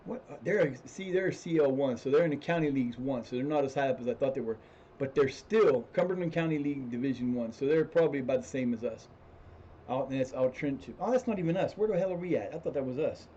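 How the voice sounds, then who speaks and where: While he plays a football management game on stream, a man offers rambling, casual commentary, frequently restarting sentences and swearing when frustrated. He talks at a quick pace in a dark, mid-range voice. The recording is muffled, with slight background noise.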